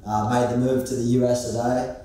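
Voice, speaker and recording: A man's voice: mid-range voice, level tone, brisk, dark tone. A young man with an Australian accent, casually telling his story as a podcast guest with plenty of fillers and restarts. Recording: echoey room from a distance.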